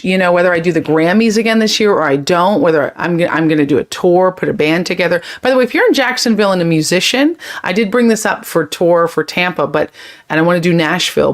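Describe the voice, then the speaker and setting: Woman host for a live chat, a bit low-pitched, emotional and effusive, quick and rambling. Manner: effusive, emotional, thanks viewers often; quick, chatty, drifts between topics. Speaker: livestream host. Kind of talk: casual live chat reading comments.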